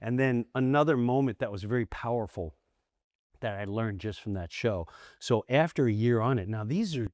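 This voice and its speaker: Animated middle-aged man telling stories. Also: lowish voice, dry recording, clean studio sound. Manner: animated storyteller, acts out quoted voices, frequent restarts. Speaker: podcast guest, comedian. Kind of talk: candid storytelling in a long-form interview.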